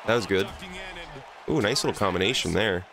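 A man's voice: lowish voice, brisk, creaky, crowd noise. A man hosting a gaming channel, angrily venting and swearing as he plays through a fighting game. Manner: exasperated, profane venting. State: angry. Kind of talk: let's play commentary.

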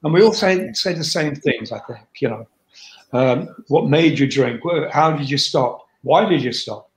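A man's voice: a little high, animated, normal speed. An older man, a rock singer speaking as an interview guest in a candid, blunt chat, swearing freely. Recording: roomy echo.

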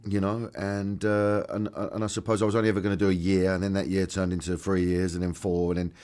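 A very deep-voiced man chats bluntly through an interview. He talks in loose, restarting sentences. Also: little pitch movement, quick pace, darkish tone. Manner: chatty, blunt, full of restarts. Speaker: interviewed actor. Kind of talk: casual interview chat.

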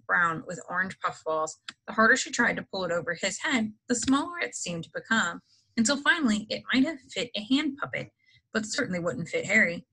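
Bright woman reading a storybook aloud. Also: medium pitch, poor audio. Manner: expressive storybook narration. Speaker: reader.

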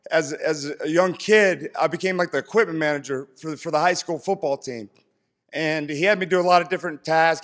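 A man in his thirties from East Tennessee giving an earnest, heartfelt acceptance speech on a stage. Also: fairly high pitch. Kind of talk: speech to an audience. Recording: long hall reverb from PA.

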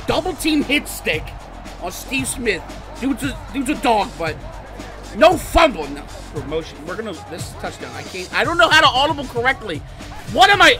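A man doing excited gameplay commentary for his channel, swinging between muttered play-by-play and outbursts of shouting and cursing. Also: sits high. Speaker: gaming channel host. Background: game music.

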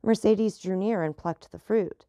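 A woman narrating a classic novel as an audiobook reader, in a steady storytelling manner. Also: mid-range voice, a little slow, dry recording, studio quality.

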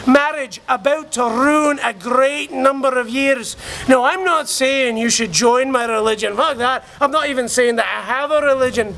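An actor playing a rambling middle-aged drunk, ranting mock-profound comic wisdom. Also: male voice, very high-pitched, creaky, a bit bright, slight background noise, full character voice. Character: boozy rambling middle-aged male pub philosopher. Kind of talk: comic monologue.

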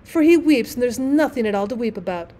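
A woman's voice: on the high side, animated, fairly quick, dark tone, close to an everyday voice. A woman reading aloud, voicing a sentimental female firework wheel with a dreamy manner.

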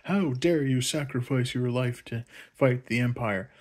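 A frumpy, grumpy space mechanic scolding someone indignantly, as a man puts her on. The delivery is loud and accusing over a husky voice. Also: medium pitch, unhurried, natural voice.

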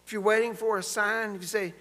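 A pastor with a high, steady, sharp voice preaches a fervent sermon fast in a church sanctuary, calling to the congregation for amens in call-and-response. The recording carries the long reverb of a church hall.

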